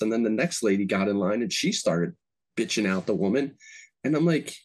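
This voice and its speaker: A man hosting a podcast in casual chat, telling stories with lots of swearing and jumping his voice up to act out other people. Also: a little fast. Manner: animated storyteller, acts out quotes with sharp pitch jumps, swears freely. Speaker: podcast host.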